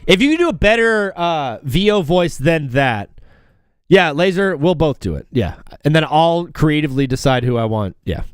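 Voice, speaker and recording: Male sports talk host, jokey and rambling, bouncy high-ish delivery, dry sound. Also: normal speed, clean tone, no room sound. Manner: animated, rambling, self-interrupting, jokey. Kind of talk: casual live sports talk show.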